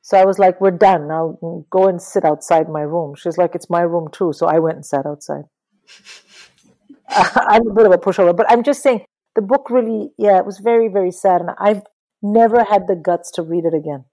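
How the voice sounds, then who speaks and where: Animated middle-aged woman guest. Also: medium pitch, normal speed, low-quality recording. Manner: animated, swears, mimics people in quotes. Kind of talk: casual interview talk about books.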